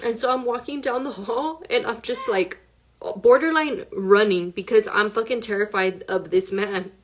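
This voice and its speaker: A shaken woman tells a frightening personal story straight to her viewers in a casual vlog. Her voice sits at an ordinary middle pitch. She keeps saying "like", swears freely and stays emotional throughout. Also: normal speed. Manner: emotional, swears often, fills speech with "like". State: shaken, reliving a frightening event. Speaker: hip hop artist.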